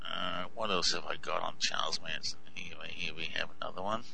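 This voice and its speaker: A man's voice: deep voice, steady tone, a little fast, gravelly, very noisy. A man with an Australian accent casually commenting on clips, hesitant and full of ums and uhs. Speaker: video host.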